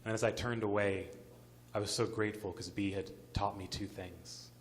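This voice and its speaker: A man's voice: fairly low pitch, fairly even intonation, normal speed. A man narrating a personal story at a live story slam on an arts center stage, vivid and building suspense.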